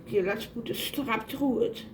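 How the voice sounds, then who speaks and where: A young woman vlogging an unboxing at home, gushing excitedly as she talks. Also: fairly high pitch, moderate pace, background noise. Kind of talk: casual unboxing vlog.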